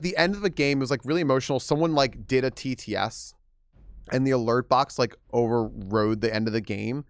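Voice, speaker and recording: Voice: mid-range voice, smooth, no room sound. Young streamer rambling to chat, giggles a lot, swears, voice jumps all over, dry close mic. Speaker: live streamer. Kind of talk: casual live-stream chat with viewers.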